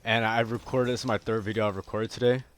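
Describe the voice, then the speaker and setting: A young man giving casual, profane gameplay commentary, often bursting into yells. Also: lowish voice, quick pace. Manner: profane, excitable, bursts into yelling. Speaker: gaming video creator.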